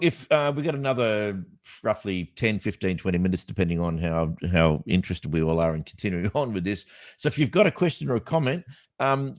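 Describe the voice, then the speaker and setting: Jokey Australian man, low voice. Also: a little mellow, dry recording. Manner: rambling, jokey, laughs often. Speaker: podcast co-host. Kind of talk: casual chat.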